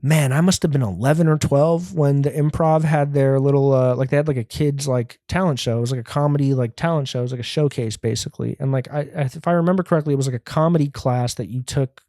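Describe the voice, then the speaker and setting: A man's voice: mid-range voice, quick pace, hardly any pauses, warm tone, no room sound, studio quality. Profane, rambling male comedian. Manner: profane, rambling, self-mocking. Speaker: comedian and podcast host. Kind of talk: casual solo comedy rant.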